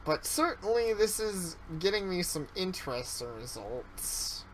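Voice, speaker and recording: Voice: mid-range voice, big pitch swings, measured pace, a little hiss or hum, rough recording. A streamer giving joking, self-aware commentary while playing a horror game. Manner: jokey and self-aware, reacting to scares. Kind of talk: casual let's-play commentary.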